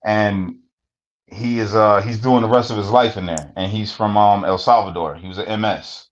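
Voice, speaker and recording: A man's voice: lowish voice, fairly even intonation, moderate pace. A man who co-hosts a podcast, telling stories in a blunt, profane, plain-spoken way. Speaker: podcast co-host. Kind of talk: casual storytelling. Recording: dull lo-fi sound.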